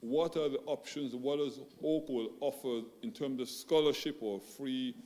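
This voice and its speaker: A man's voice: medium pitch, measured pace, a little mellow. A man from the audience politely asking a question during a live church Q&A. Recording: echoey church hall from a distance.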